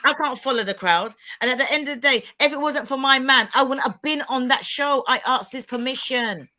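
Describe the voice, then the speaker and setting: A woman's voice: high-pitched, a little fast. A middle-aged woman, talking emphatically in a casual panel chat and retelling conversations. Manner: emphatic, animated storytelling with quoted dialogue.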